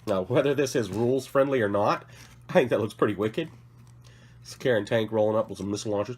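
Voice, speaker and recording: Here the coughing, unwell hobby vlogger speaks in a lowish, slightly rough voice with a little mellowness, moving at a quick pace. He rambles apologetically and keeps self-correcting while presenting models from his work table.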